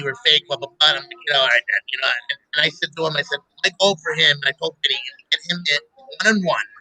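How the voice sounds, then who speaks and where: A middle-aged man hosting a casual chat show, telling animated stories and laughing often. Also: a little high, rough recording. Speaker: show host. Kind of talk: casual radio-style chat.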